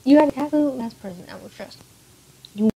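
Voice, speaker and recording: A woman voicing a stern teenage top student with a hoarse voice, giving curt, exasperated retorts while reading a visual novel aloud. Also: a little high, normal speed, warm tone, poor audio.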